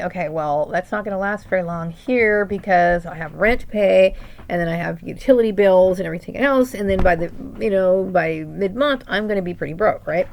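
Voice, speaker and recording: A middle-aged woman with a heavily gravelly, fry-laden voice talks straight to her camera in a long, rambling vent. She sounds indignant, keeps restarting her sentences and tags nearly every point with a questioning "right?". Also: lowish voice. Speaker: vlogger. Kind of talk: personal venting monologue.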